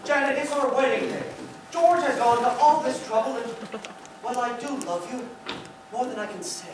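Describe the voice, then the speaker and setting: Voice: high voice, normal speed, close to an everyday voice. A student actor playing an earnest, lovestruck young groom who pleads with his bride. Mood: pleading. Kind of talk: stage musical acting. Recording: echoey auditorium, distant mic, very noisy.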